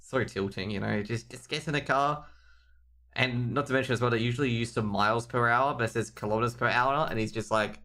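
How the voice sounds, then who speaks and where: An Australian man calls a live esports match in a bright, forceful voice at an ordinary mid pitch. He rambles and cracks jokes at the chat between plays, drifting off topic before snapping back to the game. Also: steady tone, fairly quick. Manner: rambling, joking banter with chat. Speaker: esports caster.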